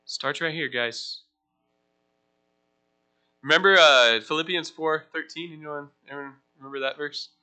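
A man's voice: fairly high pitch, measured pace, pauses often, bright, forceful tone, clean tone, faint music behind. A young man as a pastor giving a casual teaching sermon in a church, chatting with the congregation, asking them questions and joking about himself. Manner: conversational, asks the room questions, self-deprecating asides.

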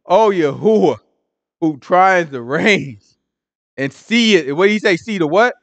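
A man leading a conversational Bible study, animated and talking, acting out prayers in hushed or loud voices. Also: high voice, measured pace, creaky, no room sound. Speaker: Bible teacher. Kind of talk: conversational scripture teaching.

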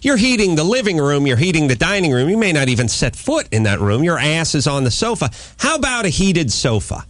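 A man hosting a comedy radio talk show, ranting and arguing in a sarcastic, animated way into a studio mic. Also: a little high, a little fast, few pauses, no echo. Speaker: radio host. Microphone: studio microphone.

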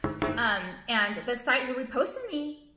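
A woman's voice: sits high, sing-song, takes it slowly, sharp tone, faint music behind. A young woman vlogging to camera, who owns a jewelry line and rants casually, with lots of fillers, bluntness and swearing. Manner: rambling, heavy on "like", blunt and profane. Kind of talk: casual ranting vlog to camera. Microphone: camera, not phone. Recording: echoey room.

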